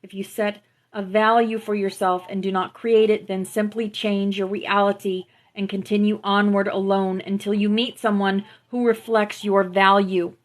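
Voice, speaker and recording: A woman hosting a spiritual live stream, gently affirming her viewers and reading out teachings through a phone mic. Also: medium pitch, level tone, moderate pace. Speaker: spiritual livestream host. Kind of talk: spiritual livestream talk to viewers.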